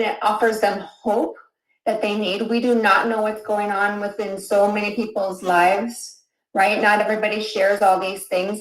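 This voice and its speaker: A woman hosting an online webinar, giddy and effusive, pleading with her audience. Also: mid-range voice. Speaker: webinar host. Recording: roomy echo.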